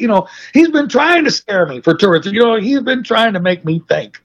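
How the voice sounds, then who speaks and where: Husky man with a muffled sound. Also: high-pitched, a little fast, hardly any pauses. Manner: profane, animated anecdotes. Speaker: guest, wrestling manager. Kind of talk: casual storytelling interview.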